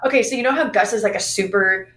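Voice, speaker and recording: A woman's voice: medium pitch, fast talker, roomy sound, poor audio. A woman co-hosting a podcast, telling stories in casual chat and acting out the lines of the people in them. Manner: animated, acts out quoted dialogue. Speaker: podcast co-host.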